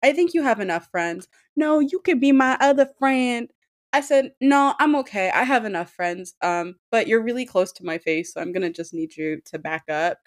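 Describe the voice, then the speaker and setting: A woman's voice: fairly high pitch, normal speed, no echo. Young woman, podcast co-host, casual chat, blunt and profane, acts out quotes, dry close sound.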